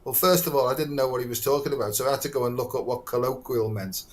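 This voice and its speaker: A man's voice: mid-range voice, fast. A man, a doctor talking as a guest in a casual, earthy and blunt way, swearing freely. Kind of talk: casual conversation.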